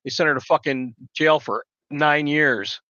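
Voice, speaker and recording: A man rambles through a live stream, loud and foul-mouthed. His voice is forceful and a bit high, and the sound is dull and dry, like a lo-fi mic. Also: measured pace, dry recording. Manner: loud, rambling, swears constantly. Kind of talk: profane casual storytelling chat.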